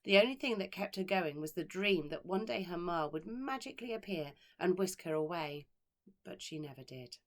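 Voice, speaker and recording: A woman who teaches primary school, reading a children's story aloud with expressive delivery and dramatic pauses. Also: fairly low pitch. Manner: expressive, dramatic pauses, slows on key words.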